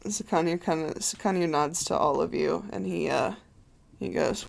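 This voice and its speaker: A game master narrating a tabletop game in a relaxed, filler-heavy way. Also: mid-range voice, normal speed, gravelly.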